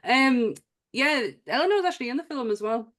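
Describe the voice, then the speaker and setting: A woman's voice: sits high, animated, moderate pace, a bit bright. Chatty English woman co-hosting a podcast. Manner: chatty, swears, trails off and restarts. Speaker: podcast co-host. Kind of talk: casual chat.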